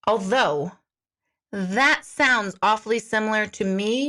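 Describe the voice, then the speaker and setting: A woman in her forties, an intuitive life coach, chatting candidly with viewers in a sarcastic, jokey way and swearing freely. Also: medium pitch. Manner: animated, jumps between comments. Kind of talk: casual live chat answering viewer comments.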